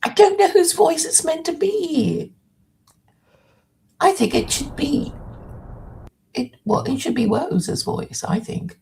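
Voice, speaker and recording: A woman co-hosts a livestream in casual, wry chat. Her voice is a little high with a gravelly edge. She talks easily and answers her partner's questions. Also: sing-song, takes it slowly, pauses often, a little mellow. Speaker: co-host.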